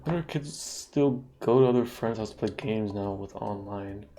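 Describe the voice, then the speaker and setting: A man's voice: lowish voice, normal speed, faint music behind. Laid-back man streaming, swearing casually. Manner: relaxed, laughs often, swears freely. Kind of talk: casual chat while playing a game.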